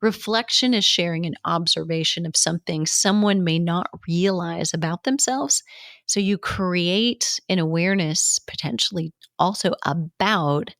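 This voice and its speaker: A woman's voice: lowish voice, unhurried, a bit bright, no room sound, clean studio sound. A woman teaching coaching skills in a conversational way, repeating key points for emphasis. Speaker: coaching instructor. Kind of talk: informal teaching talk.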